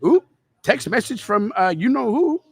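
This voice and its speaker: High-voiced chatty male podcast host. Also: sing-song, moderate pace, creaky, husky, dry recording. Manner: rambling, chatty, addresses listeners as kids. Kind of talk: casual live football commentary. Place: restaurant.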